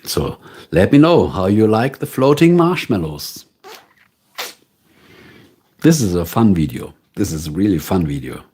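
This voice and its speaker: A man's voice: sits low, sing-song, measured pace, pauses often, darkish tone, breathy edge. A man with a German accent, a native German speaker, chatting casually with viewers as a livestream host and answering their questions.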